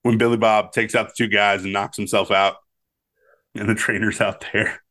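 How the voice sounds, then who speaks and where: A man's voice: fairly low pitch, level tone, normal speed, a bit bright. A man with a Texan accent co-hosting a podcast, chatting casually and laughing between remarks. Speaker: podcast co-host. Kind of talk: casual chat about a movie.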